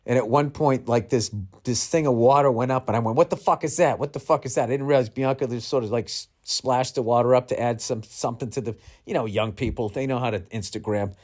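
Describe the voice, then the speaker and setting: A man's voice: medium pitch, steady tone, brisk, hardly any pauses, darkish tone. A middle-aged male comedian telling a rambling, profane, self-mocking story in a podcast monologue.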